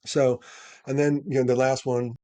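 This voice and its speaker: A man's voice: mid-range voice, moderate pace, no echo. A man speaking as a podcast guest, giving earnest advice and acting out bits of dialogue as he talks. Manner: animated storyteller, acts out dialogue.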